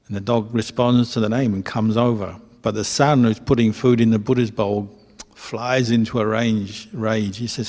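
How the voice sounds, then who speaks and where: Male monk teacher with a low, gravelly voice, telling a teaching story in short, plain phrases, with a long hall reverb. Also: steady tone, darkish tone. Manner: simple, clipped phrases, unhurried storytelling. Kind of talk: storytelling dharma talk. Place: retreat hall.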